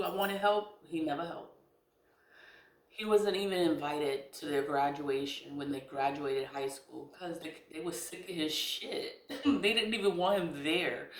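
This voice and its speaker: Blunt, swearing woman in a roomy space. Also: sits low. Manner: blunt and candid, swears freely, laughs between lines. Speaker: spiritual content creator. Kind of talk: casual personal storytelling. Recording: roomy echo.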